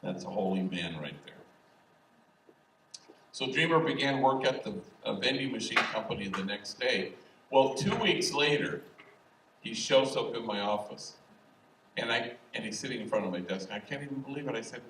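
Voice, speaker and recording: A man's voice: fairly low pitch, lively intonation, fairly bright tone. A man in his sixties, a priest telling humorous stories in a public talk at a university event hall. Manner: humorous, anecdotal, unhurried. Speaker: priest and speaker. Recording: echoey hall, distant mic, faint hiss.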